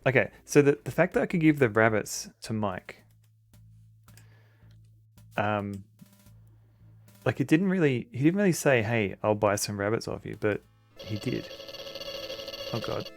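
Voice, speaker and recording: A man's voice: lowish voice, animated, unhurried, long pauses, no room sound, faint music behind. A man streaming an old computer game, rambling casually, chuckling and greeting chat.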